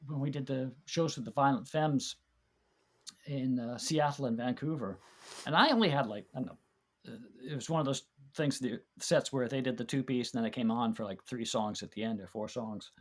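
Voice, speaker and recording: A man with a medium-pitched voice speaks at a moderate pace as a podcast guest. He reminisces in casual chat, telling warm, rambling stories full of restarts and fillers.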